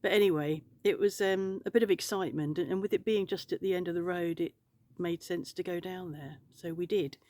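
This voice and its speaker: A woman's voice: fairly low pitch, fairly even intonation, brisk, few pauses, a little mellow. A woman vlogging from home, rambling and outspoken, swearing freely. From England. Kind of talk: casual chat to camera. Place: home in France.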